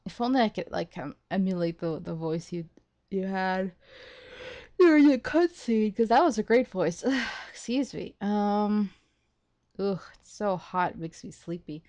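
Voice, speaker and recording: A woman hosting a game playthrough, talking excitedly and rambling as she thinks aloud, laughing often. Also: medium pitch, unhurried. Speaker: let's play host. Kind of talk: gaming commentary.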